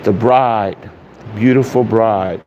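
A man serving as pastor, leading a casual online Bible study and prayer, greeting viewers with loose pauses and fillers. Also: on the low side, fairly even intonation, darkish tone. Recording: dull hall echo with faint hiss.

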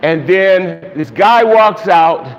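A man with a high voice preaches to his congregation, telling a story with lively laughter and chanting out the crowd's lines. His voice rings through a reverberant church hall. The recording is dull and lo-fi, with a faint hiss underneath. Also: slow. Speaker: pastor. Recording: long reverb, dull lo-fi sound, faint noise.

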